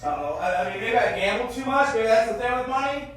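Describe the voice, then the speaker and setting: A man in his thirties performs a stand-up set, his voice sitting unusually high. He swings from animated, shouted bits to low, mumbled throwaway lines. The sound is heavily echoey and picked up from some distance. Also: fast talker, slight background noise. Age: 30s. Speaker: stand-up comedian. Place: comedy festival stage. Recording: very echoey room, mic at a distance.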